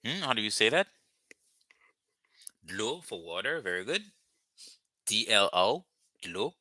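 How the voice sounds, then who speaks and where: A man's voice: on the low side, very animated, slow pace, pushed and bright, no echo, studio quality. A man teaching a live language lesson, patiently repeating words and phrases for his students.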